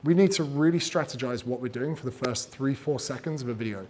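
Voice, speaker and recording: A man giving casual, energetic advice on growing an audience, swearing freely and acting out what people say. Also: mid-range voice, brisk, a little hiss or hum. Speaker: fitness and business coach giving creator advice. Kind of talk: casual talk, teaching.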